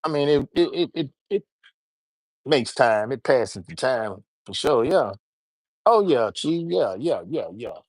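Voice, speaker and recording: A man's voice: mid-range voice, animated, measured pace, darkish tone, dry recording. Rambling man live-streaming. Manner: loose, rambling, talks to his chat, repeats words. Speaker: livestream host. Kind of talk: casual livestream chat.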